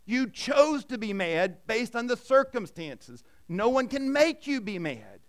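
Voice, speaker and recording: A middle-aged man preaching with a high, resonant voice. He delivers his sermon dynamically, pressing points loudly and then falling to near-hushed tones. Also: very animated, unhurried, clear, resonant tone. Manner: dynamic preaching, swings from loud emphasis to hushed. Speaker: pastor.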